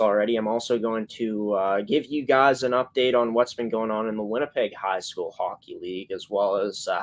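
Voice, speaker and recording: A man hosting a casual live-streamed sports show, talking in long, rambling runs with many filler words and frequent self-corrections. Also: lowish voice. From Canada.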